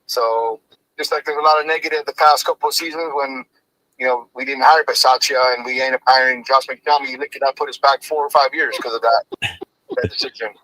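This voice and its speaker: A man calling in to a live fan show, rambling quickly with many fillers. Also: mid-range voice, steady tone, sharp tone, dry recording, low-quality recording. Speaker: call-in guest. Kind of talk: casual live chat. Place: at work.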